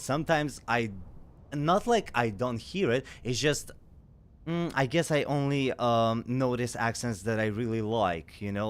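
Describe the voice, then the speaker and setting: Chatty man commenting on a game. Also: medium pitch. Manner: chatty, rambling, reads lines aloud. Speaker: gaming streamer. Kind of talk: casual playthrough commentary.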